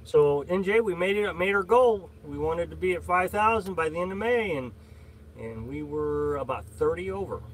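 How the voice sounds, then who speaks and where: A man's voice: high voice, moderate pace, a little hiss or hum. A middle-aged man hosting a casual live stream, rambling with many fillers and greeting viewers by name as he reads their comments. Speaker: livestream host.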